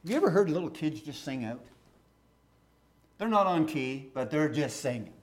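A middle-aged man preaching a sermon, reading scripture aloud and then talking it through in a lively, conversational way. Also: fairly high pitch, normal speed.

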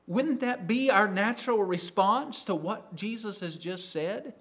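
A man preaching a sermon, acting out a disciple's words and swinging from loud to near silence. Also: high voice, measured pace, few pauses. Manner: acts out a disciple's words in quoted asides; rises in loudness and falls to near silence.

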